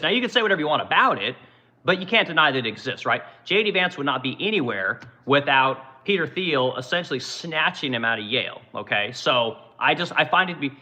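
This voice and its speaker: A man's voice: mid-range voice, bright, forceful tone, highs cut off. A man in his forties from Oregon hosting a livestream, ranting in casual, profane commentary. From Oregon, USA. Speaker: livestream host and business owner.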